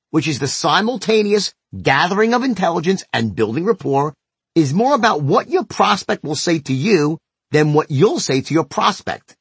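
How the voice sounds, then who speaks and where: A man's voice: fairly high pitch, breathy edge, no room sound. A middle-aged man narrating a sales lesson in a blunt, emphatic way, with the odd swear word. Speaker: sales trainer. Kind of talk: instructional narration.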